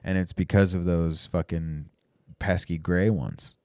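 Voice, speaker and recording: A deep-voiced man in relaxed podcast banter who wanders into long asides. His pitch sits low among men. The recording is dry and close. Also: a little slow, dry recording. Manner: laid-back, drifting into long explanatory asides. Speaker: podcast co-host. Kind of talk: casual banter.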